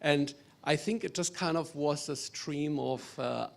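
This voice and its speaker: A man's voice: on the high side, unhurried, gravelly. A male cinematographer on a festival panel who explains his approach in a hesitant way, searching for words. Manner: hesitant, searching, with many fillers. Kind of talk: casual panel talk.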